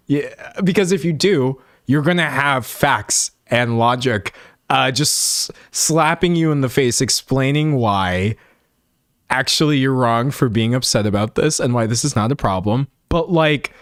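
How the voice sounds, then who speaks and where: A young man in casual reaction commentary, talking in quick emphatic bursts as he reacts to clips. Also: mid-range voice, dry recording, clean studio sound. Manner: animated, talks fast in bursts, emphatic.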